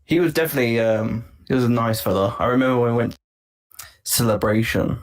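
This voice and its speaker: A man co-hosting a live podcast, reminiscing in a relaxed, hesitant way. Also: medium pitch, a little fast. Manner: relaxed, hesitant, with fillers and restarts. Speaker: podcast co-host. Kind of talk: casual chat.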